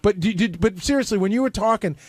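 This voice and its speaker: A man's voice: high-pitched, a little mellow, no echo. A man in casual studio banter, needling and arguing his point. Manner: needling, argumentative, fast.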